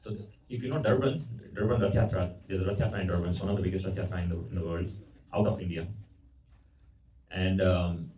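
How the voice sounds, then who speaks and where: A man's voice: low voice, steady tone, fast. A man giving a devotional lecture at a temple, telling a story and asking his audience questions, often repeating words as he goes. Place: temple hall. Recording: roomy, distant, dull recording.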